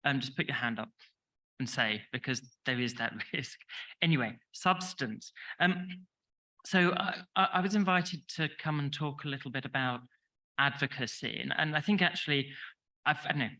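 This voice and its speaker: A man from England with a London accent gives a chatty, self-deprecating talk in a conference hall, short on sleep and full of restarts. His medium-pitched voice is bright and forceful at a moderate pace, though the recording is rough.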